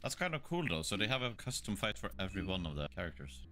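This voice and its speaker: A man commentating his own gameplay on a live stream, excitable, swearing often and yelping when startled. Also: low-pitched, fast. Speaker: streamer playing a video game. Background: game music.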